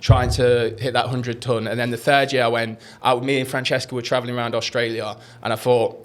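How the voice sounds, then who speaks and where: Young man, casual podcast chat, rapid, rambling storyteller. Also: medium pitch, level tone. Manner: rambling storyteller, swears freely. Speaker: podcast co-host.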